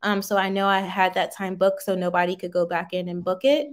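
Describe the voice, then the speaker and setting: A woman's voice: fairly low pitch, steady tone, fairly quick. A woman in her thirties chatting casually on a livestream, answering viewer comments in a folksy, talkative way. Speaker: livestream host, small business owner.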